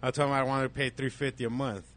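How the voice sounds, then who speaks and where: A man's voice: mid-range voice, fast talker. Man, casual slangy storyteller, swears a lot, acts out both sides. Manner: profane, animated storytelling, acts out dialogue. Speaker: storyteller in a casual group chat. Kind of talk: casual chat.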